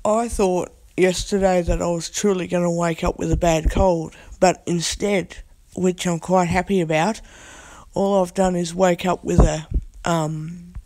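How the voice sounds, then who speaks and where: A woman with a hoarse, croaky voice, chatting casually in a vlog from her bed, recorded on a phone. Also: on the low side, fairly even intonation, unhurried, darkish tone. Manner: rambling, chatty. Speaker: vlogger. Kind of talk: casual chat. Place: in bed at home.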